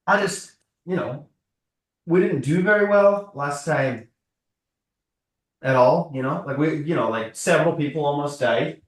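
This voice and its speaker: A blunt, argumentative Scottish man pushing back during a tabletop game. His voice sits a little high and is heard from a distance in an echoey room. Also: a little slow, pauses often. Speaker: tabletop player. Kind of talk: casual tabletop chat.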